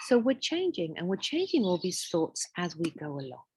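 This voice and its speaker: Gentle woman teacher with a husky voice. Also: lowish voice, very animated, moderate pace, hardly any pauses, no room sound, rough recording. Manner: gentle, checks in often with "yeah?" and "right?". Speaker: wellbeing course teacher. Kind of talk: guided group class talk.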